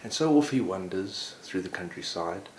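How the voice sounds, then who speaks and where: A man telling a story aloud in a relaxed, conversational way, often slipping in "sort of" as he goes. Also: deep voice, normal speed. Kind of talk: oral storytelling. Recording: roomy echo, faint background noise.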